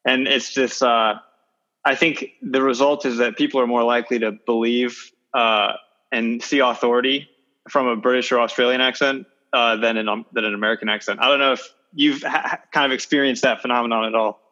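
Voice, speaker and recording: A man asking questions in a measured, inquisitive way in a casual interview. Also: mid-range voice, steady tone, sharp tone, big-room sound, highs cut off.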